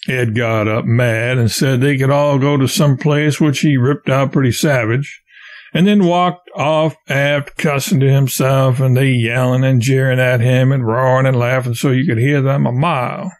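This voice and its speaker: A man narrating an audiobook of a classic novel in a steady, plain storytelling way. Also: medium pitch, normal speed.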